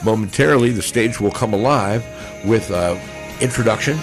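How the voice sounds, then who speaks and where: A man's voice: on the low side, normal speed, music in the background. Folksy older male radio host. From Nevada, United States. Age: 60s. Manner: upbeat, folksy announcer patter. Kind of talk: live radio pre-show chat. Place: outdoors at a parking lot concert stage.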